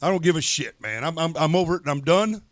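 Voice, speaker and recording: Blunt profane older man, high voice. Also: animated, quick pace, no echo. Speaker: podcast co-host. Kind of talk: heated casual talk.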